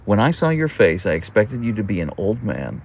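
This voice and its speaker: Lively young man telling a story. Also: fairly low pitch, a little fast, slight background noise. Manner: animated storyteller, laughs often. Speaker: livestream host. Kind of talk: casual livestream chat reading comments.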